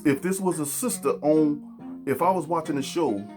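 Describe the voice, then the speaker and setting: Blunt preaching podcast host, faint music. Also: male voice, on the high side, normal speed, mellow. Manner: blunt, preachy, talks straight to the audience. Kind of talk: opinionated podcast monologue.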